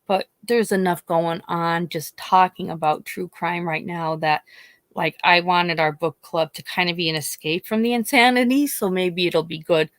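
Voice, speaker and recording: A woman from Pennsylvania, a YouTuber, chatting casually and telling a story in a rambling, animated way with many restarts. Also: fairly low pitch, normal speed, dry recording. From Scranton, Pennsylvania. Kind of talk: casual chat.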